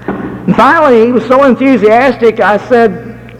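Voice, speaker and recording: A middle-aged American man preaching a sermon, telling folksy stories and slowing down to stress key words. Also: very high voice, long reverb tail, rough recording. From United States.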